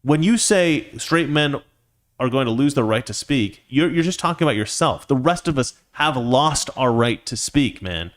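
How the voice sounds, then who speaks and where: Hosting his own commentary show, a man delivers a heated, indignant political rant as a monologue. His mid-range voice is animated, at a moderate pace.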